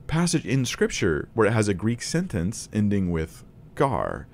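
A man's voice: fairly low pitch, big pitch swings, a little fast. A man teaching a Bible lesson to camera in a casual, conversational way, thinking aloud with restarts and small laughs.

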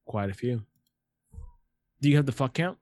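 Loose, swearing banter about a movie comes from a man in his late forties co-hosting a podcast with a friend. He speaks at a moderate pace in an animated, mid-range voice with a darkish tone. The recording is dry.

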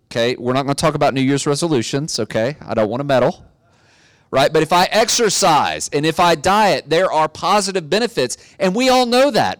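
A middle-aged man preaching a sermon, telling a story in a relaxed way and building to emphatic exhortation. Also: fairly high pitch, dry recording. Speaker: pastor.

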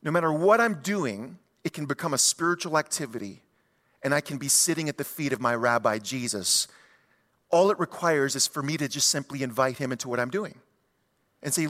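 A man preaching a sermon as a pastor, telling stories in an animated way and putting rhetorical questions to the congregation. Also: medium pitch, a little fast, in a large hall.

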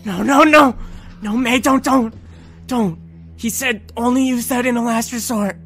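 Man voicing a wounded young man, high voice, panicked, pleading, tabletop game, faint music. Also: slow pace, gravelly, a bit bright, exaggerated voice. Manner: raised, panicked.

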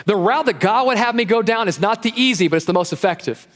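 High-voiced pastor preaching in a reverberant church. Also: male voice, fast talker. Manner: lively and animated, acting out quotes. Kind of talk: sermon. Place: church sanctuary.

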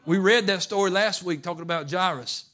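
A man pastor preaching a fervent sermon, moving from quiet asides to shouting. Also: high-pitched, fairly quick. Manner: fervent, swings from hushed to shouting.

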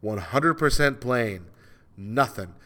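A man's voice: mid-range voice, expressive, slow pace, bright, forceful tone. A man hosting a solo morning radio show, ranting in an exasperated, self-mocking way, with a dry throat. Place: radio studio.

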